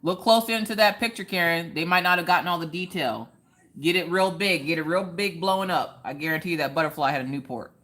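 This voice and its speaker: A woman's voice: fairly low pitch, fast talker, fairly bright tone. A woman hosting a casual craft live stream, joking around and answering viewers in the chat by name.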